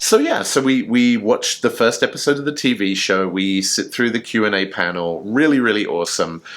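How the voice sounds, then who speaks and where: A man's voice: on the low side, animated, normal speed, a bit bright, a little hiss or hum. A man co-hosting a casual chat show, telling a story in an enthusiastic, chatty way with fillers. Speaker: podcast co-host.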